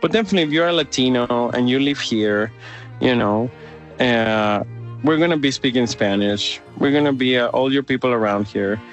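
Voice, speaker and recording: A man's voice: mid-range voice, moderate pace, soft background music. Enthusiastic man with a Mexican accent. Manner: enthusiastic, animated, lots of fillers. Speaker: opera company director. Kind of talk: interview answers.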